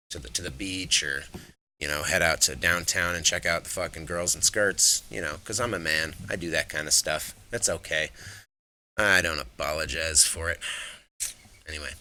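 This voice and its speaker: A deep-voiced man hosts his own live talk stream and rants hard, swearing constantly. His tone is sharp, forceful and very tense, with a faint hiss of noise under it. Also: rough recording. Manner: profane, heated and emphatic. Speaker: host. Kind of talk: ranting livestream talk.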